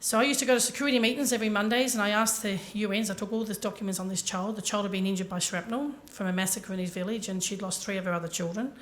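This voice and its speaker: A woman's voice: mid-range voice, steady tone, very fast, few pauses. A woman giving a motivational talk to a conference audience, telling her story earnestly and speaking directly to the listeners. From Ireland.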